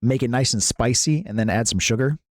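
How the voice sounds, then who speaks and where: A man's voice: mid-range voice, a little fast, no echo, clean studio sound. A man hosting a live stream, chatting casually with viewers in a playful, jokey way and often laughing.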